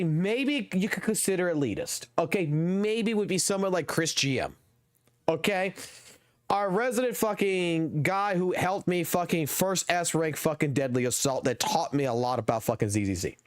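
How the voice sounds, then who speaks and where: A man's voice: sits high, animated, moderate pace, no room sound, studio quality. A young man from the American South with a Southern accent, ranting heatedly and profanely on his live game stream.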